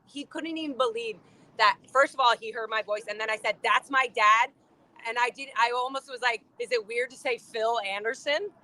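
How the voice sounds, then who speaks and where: A young woman outdoors on a street, talking in an excited, shaken way as a protester. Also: fairly high pitch, poor audio. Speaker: ex-member protester. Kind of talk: emotional street conversation.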